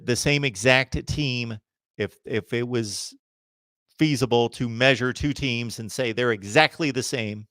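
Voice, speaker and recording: A man's voice: medium pitch, a bit bright, dry recording. A man hosting a live college football chat, reading viewer comments and giving emphatic opinions. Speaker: host of a college football livestream.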